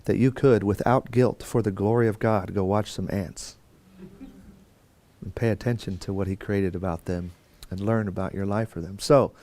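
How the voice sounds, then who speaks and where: A man's voice: fairly low pitch, fairly even intonation, normal speed, warm tone. A man teaching a Bible course in a conversational lecture style, with fillers and restarts and quotes acted out. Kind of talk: classroom lecture.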